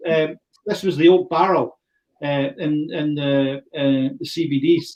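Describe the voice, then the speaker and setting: A man's voice: a little high, steady tone, unhurried, a little mellow, lo-fi sound. Chatty Scottish man from the far north. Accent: Scottish, far north (Caithness). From Thurso, north of Scotland. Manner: chatty, rambling storyteller, often restarting phrases. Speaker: whisky distillery presenter. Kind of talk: online whisky tasting talk.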